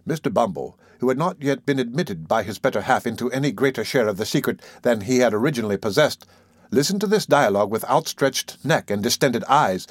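Male narrator for a classic novel; steady, measured, dry studio read. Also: mid-range voice, slightly rough, no room sound. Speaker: audiobook narrator.

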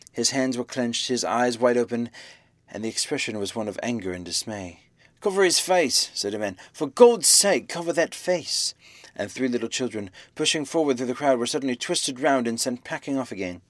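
Male audiobook narrator of a classic novel, measured and expressive, middle pitch, dry close sound. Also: no room sound. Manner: measured, expressive reading that acts out the dialogue. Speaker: audiobook reader.

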